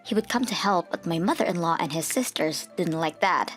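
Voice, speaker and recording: A woman narrating a manga dub, telling the story earnestly and turning hushed at tense moments. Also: on the low side, brisk, faint music behind.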